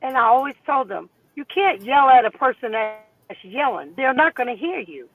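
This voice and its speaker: A woman's voice: sits high, animated, normal speed, dry recording. A woman co-hosting a casual chat, hyping listeners up and telling stories in a playful, chanting way. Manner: hypes up the audience with playful chants. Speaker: co-host. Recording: tinny phone line, dry.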